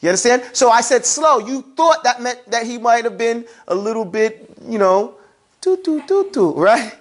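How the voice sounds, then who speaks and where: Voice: medium pitch, normal speed. A teacher giving a classroom grammar lesson, prompting students to repeat words and explaining with everyday examples. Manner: call-and-response prompting, plain everyday examples.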